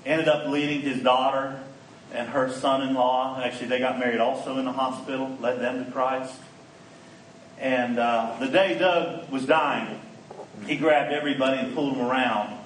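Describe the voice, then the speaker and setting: A man giving a storytelling sermon as a conference speaker, animated and acting out the people in his stories. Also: medium pitch. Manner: animated storyteller who acts out quoted lines. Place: conference hall. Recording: echoey hall, mic at a distance, faint background noise.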